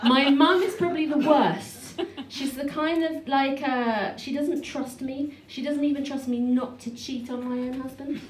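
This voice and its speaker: A pregnant woman in her thirties performing a stand-up comedy set on a small club stage, with a dry, self-deprecating delivery full of quick restarts. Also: high-pitched, fairly even intonation. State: heavily pregnant. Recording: echoey club room from far off, noisy.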